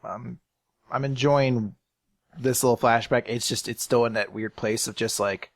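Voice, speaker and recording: A man's voice: medium pitch, fairly even intonation, a little slow, dry recording, clean studio sound. A man co-hosting a manga podcast, chatting loosely, swearing and often restarting his sentences. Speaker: podcast co-host. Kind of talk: casual chat.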